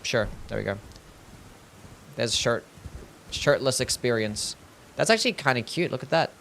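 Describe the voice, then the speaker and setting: A young man talks over a livestream at an ordinary middle pitch, relaxed and profane, answering his chat between fights. A faint hum of background noise sits under his voice. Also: normal speed, gravelly. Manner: chatty, swearing, reads chat aloud, laughs easily. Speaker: game streamer. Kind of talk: casual livestream commentary.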